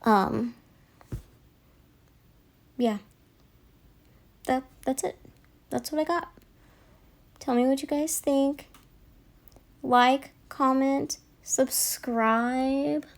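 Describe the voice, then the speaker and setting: A young woman talks over her own video in a loose, rambling voiceover, circling back to apologize for chatting so much. Her voice sits a bit high, and she takes her time, drawing words out instead of rushing. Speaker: nail vlogger. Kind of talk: casual voiceover chat.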